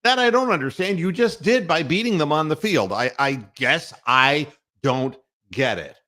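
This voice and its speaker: A man's voice: a little high, animated, normal speed, sharp tone. A man hosting a podcast, ranting sarcastically and swearing freely. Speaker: podcast host. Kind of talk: profane rant.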